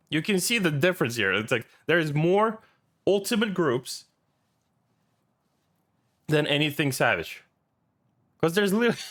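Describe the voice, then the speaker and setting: A man's voice: medium pitch, a bit bright. A man streaming and reacting to a video in casual, rambling commentary, swearing often and laughing easily.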